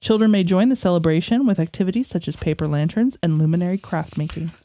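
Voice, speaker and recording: A woman's voice: on the low side, fast talker, mellow, no room sound. A woman co-hosting a local talk show, teasing the others and laughing often. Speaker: co-host. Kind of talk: casual studio chat.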